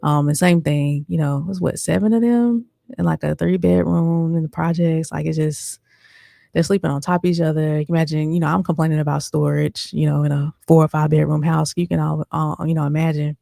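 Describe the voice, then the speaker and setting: A woman's voice: deep voice, fairly even intonation, fairly quick, vocal fry, warm tone, dry recording, clean studio sound. A woman podcast host telling a personal story in a chatty, casual way, talking straight to her listeners with lots of fillers. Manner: chatty, addresses listeners as y'all, many fillers.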